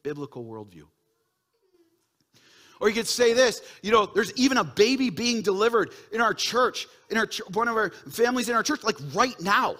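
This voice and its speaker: Bright, high-pitched pastor, preaching. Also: male voice, moderate pace. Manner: swings from quiet earnest asides to loud excited bursts. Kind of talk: sermon.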